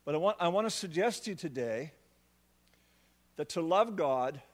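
A man preaching a sermon, repeating words as he restarts phrases and building to emphatic, drawn-out words on key points. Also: on the high side, expressive, in a large hall.

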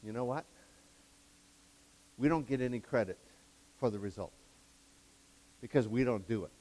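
This preacher has a mid-range voice and talks at normal speed. His sermon is excitable, moving between loud, fervent outbursts and soft asides, and he laughs at his own humor while backpedaling on word choices.

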